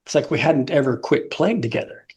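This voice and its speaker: A man's voice: a little high, expressive, a little fast, darkish tone. Guy in his 50s, musician, rambles thru stories, laughs a lot, acts out what ppl said. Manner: rambling storyteller, laughs often, acts out quotes. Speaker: musician guest. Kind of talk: casual interview chat.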